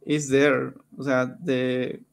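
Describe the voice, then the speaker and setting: Slow, halting man. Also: mid-range voice, little pitch movement, creaky, smooth. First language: Spanish. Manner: halting, searching for words. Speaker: English student. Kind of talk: casual online English lesson. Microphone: video call.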